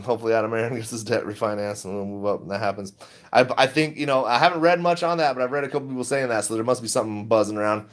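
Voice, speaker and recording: A middle-aged man chatting casually on a livestream, rambling and laid-back, laughing often as he talks. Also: on the low side. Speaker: stock vlogger.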